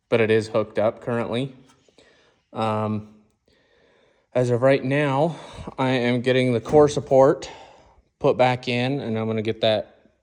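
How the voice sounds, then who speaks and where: A mechanic records a casual how-to vlog of his truck build from his garage, his mid-range voice a little mellow. He goes through every step in plain shop language, referring to the engine as "she."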